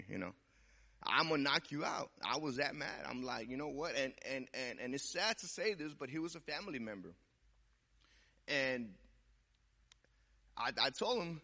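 A young man preaching a sermon and sharing a personal testimony in a conversational way, repeating words and swinging from loud to hushed. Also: medium pitch, unhurried, long pauses.

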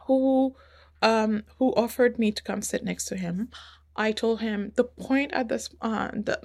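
A woman's voice: on the high side, vocal fry. A woman recounting a personal story in conversation, emotional and acting out the dialogue of the people involved, with frequent restarts. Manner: emotional, re-enacts dialogue with quoted voices; repeats and restarts while recounting. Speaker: interview guest.

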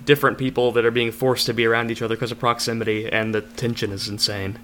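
A man's voice: mid-range voice, level tone, quick pace, bright, forceful tone. A man with an ordinary mid-range voice shares strong opinions about a film in an emphatic, enthusiastic way. A faint hum sits under the recording. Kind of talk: casual film discussion.

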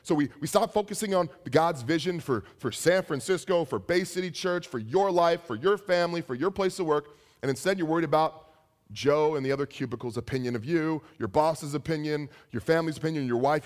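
A young adult man preaching a sermon as a pastor, telling stories with animated asides. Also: a little high, fairly quick.

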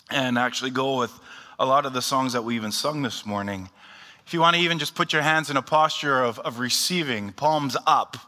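A man speaking as a pastor, giving a sermon and calmly leading his congregation in a recited prayer. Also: fairly high pitch. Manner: calm, unhurried, leads a recited prayer. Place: church hall. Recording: long hall reverb.

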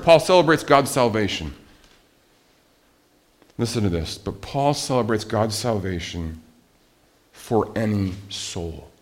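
A man preaching a sermon as a pastor, animated, with rhetorical questions and swings from loud emphasis to quiet asides. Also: on the low side.

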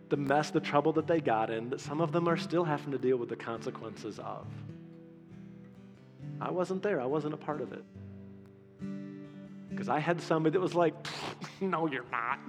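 A man preaching a sermon in a conversational, animated way, acting out the quotes in his stories. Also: a little high, moderate pace, pauses often, long reverb tail, soft background music. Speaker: pastor.

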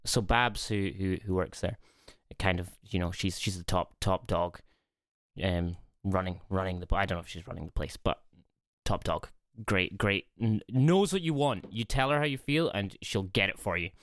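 A man's voice: deep voice, a little fast, fairly bright tone, dry recording, studio quality. A man co-hosting a podcast, chatting casually and rambling with many ums and repeated words. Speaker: podcast co-host. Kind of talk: casual chat.

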